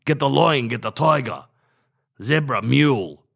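A man's voice: medium pitch, expressive, unhurried, creaky, a bit bright, breathy edge, pitched above the performer's own voice, full character voice. A man voicing a blokey, insistent brother-in-law who says bro constantly.

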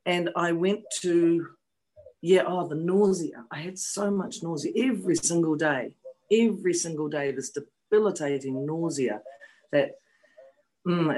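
A woman in her fifties tells her own story with raw frankness. She swears without apology and circles back on key phrases, hammering them home. Her voice sits low for a woman. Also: a little mellow, poor audio. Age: 50s. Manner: frank and emotional, repeats phrases for emphasis; blunt, swears freely. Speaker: guest. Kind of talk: candid personal storytelling. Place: New Zealand.

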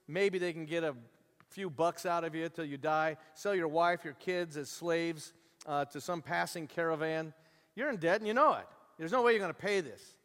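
A man preaching a sermon as a pastor, telling a story with lively asides and acting out the characters. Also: sits high, long reverb tail.

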